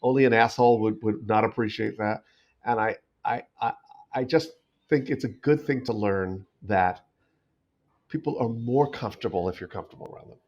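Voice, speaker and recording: A middle-aged actor from New York, a podcast guest who tells anecdotes in a rambling way with many restarts. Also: male voice, lowish voice, moderate pace, darkish tone. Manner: rambling, frequent restarts, storytelling. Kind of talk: casual interview anecdotes. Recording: slightly dull lo-fi podcast audio.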